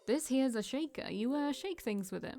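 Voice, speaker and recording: A woman's voice: sits high, expressive, moderate pace, dark tone, soft background music, voice pushed up. A woman voicing a friendly male bartender who patiently teaches a newcomer, with easygoing 1920s slang.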